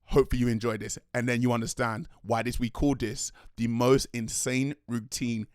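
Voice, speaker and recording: Excitable young man telling a story. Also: mid-range voice, normal speed, no echo, clean studio sound. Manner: rambling, excitable, slangy, self-correcting. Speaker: dance crew leader and choreographer. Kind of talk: vlog storytelling.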